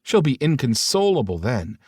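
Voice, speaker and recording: A man's voice: medium pitch, very animated, normal speed, darkish tone, breathy edge, no echo, clean studio sound, voice pushed up. A man voicing a sardonic adult sister who jokes and scoffs. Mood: teasing. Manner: joking, scoffing.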